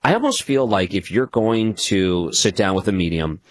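Deep dry-voiced radio host. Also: male voice, animated, normal speed, no echo. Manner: conversational, leading long questions. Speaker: radio talk show host. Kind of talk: late-night radio interview.

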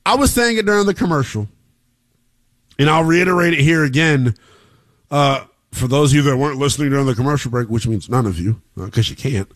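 A man's voice: medium pitch, expressive. A man hosting a live college football talk show, hyped and jokey, talking straight to viewers and reading out score updates. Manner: hyped, hollering, jokey with quick drops to mutters; talks straight to viewers, reads scores and chat comments.

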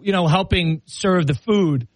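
A man's voice: high voice, a little slow, dry recording. Chatty man telling a funny story. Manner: storytelling, self-mocking, laughs often. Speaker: radio show host. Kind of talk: casual on-air banter.

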